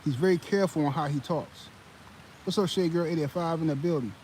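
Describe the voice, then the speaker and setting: A man's voice: on the high side, fairly quick, slight background noise, low-quality recording. Heated male sports streamer. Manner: animated, heated, many fillers and restarts. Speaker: sports commentary channel host. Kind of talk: live-stream sports commentary.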